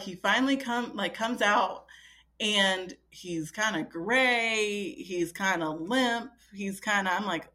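With a medium-pitched, slightly bright voice, a woman in her thirties casually tells a personal story as a podcast guest. She's chatty, uses lots of fillers, and keeps quoting herself.

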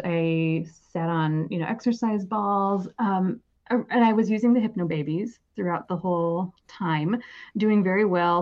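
A woman in her forties, a podcast guest, telling her story in a casual, animated way and laughing often. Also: fairly low pitch, lo-fi sound. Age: 40s.

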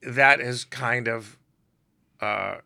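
A man's voice: mid-range voice, drawn-out words, gravelly, no room sound, clean studio sound. A middle-aged man, a guest storyteller, animatedly acting out the voices of people in his anecdotes. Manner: animated, acts out quoted voices. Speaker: guest storyteller, celebrity photographer. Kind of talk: casual storytelling.

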